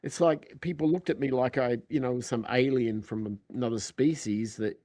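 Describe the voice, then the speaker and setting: A middle-aged man with an Australian accent, chatting casually as a podcast guest and telling animated stories that act out quoted dialogue. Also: mid-range voice, moderate pace, no echo, clean studio sound. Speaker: podcast guest, recording engineer. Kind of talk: casual chat.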